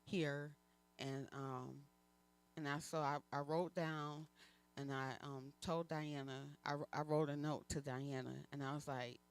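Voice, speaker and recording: A woman minister speaks from the pulpit of a church, giving a personal testimony. Her telling is candid and halting, full of pauses and fillers as she works through her story. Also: sits low. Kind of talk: personal testimony within a sermon.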